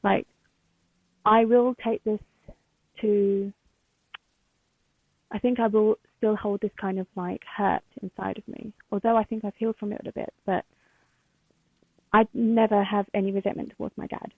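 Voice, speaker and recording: Emotional woman talking it out, gravelly voice, sounds like a phone line, kinda dry. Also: medium pitch, level tone, no echo. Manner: emotional, halting, many fillers. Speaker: podcast guest. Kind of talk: candid interview.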